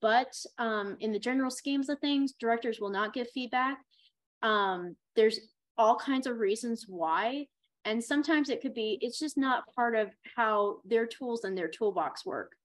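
Chatty woman acting coach, fairly high voice. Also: unhurried. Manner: chatty, encouraging, expressive. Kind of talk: workshop talk on auditions.

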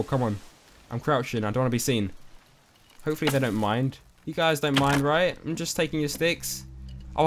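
A young man giving excitable let's-play commentary, easily spooked and talking to his viewers. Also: mid-range voice. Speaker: gaming YouTuber.

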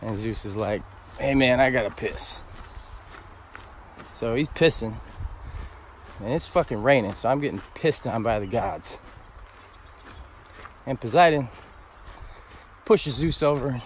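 A man on a long-distance hike telling a story casually, animated and profane, laughing as he goes. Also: mid-range voice, a little slow, pauses often, a little hiss or hum. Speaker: thru-hiker vlogger. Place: outdoors on a mountain trail.

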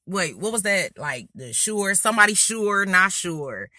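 A young woman beauty vlogger telling a story while doing her makeup, animated and loud, acting out what people said. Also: lowish voice, normal speed, dry recording, clean studio sound. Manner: animated, loud, acting out quotes in Southern US slang.

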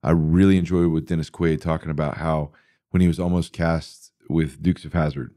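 A middle-aged man hosting a podcast, telling stories in a rambling, animated way with many fillers. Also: rumbling low, normal speed, no echo, studio quality. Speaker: podcast host answering listener questions. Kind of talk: casual interview talk.

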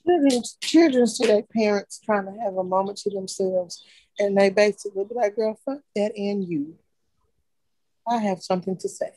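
Young woman co-host, chatty animated storyteller, dry close-mic sound. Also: medium pitch, fairly quick, no room sound. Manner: animated storyteller who acts out her child's voice. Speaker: podcast co-host. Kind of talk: casual chat.

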